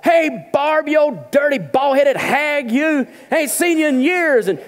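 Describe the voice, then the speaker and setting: A preacher putting on the voice of a coarse, loud woman insulting an old friend. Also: very high voice, lively intonation, unhurried, voice pushed up. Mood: mocking. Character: brash rude woman greeting old friend.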